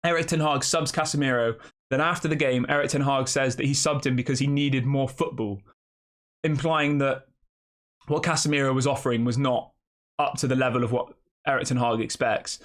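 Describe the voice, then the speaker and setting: A man in a middle pitch hosts his fan channel in a loose, conversational way. He thinks out loud, trips over names and corrects himself, and keeps throwing rhetorical questions at his listeners. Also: fairly even intonation, fairly quick. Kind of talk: casual opinion commentary.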